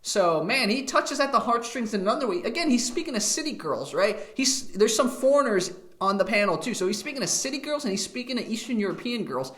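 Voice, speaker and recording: A man giving excitable, animated reaction commentary on a video clip. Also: very high-pitched, fairly quick, hardly any pauses.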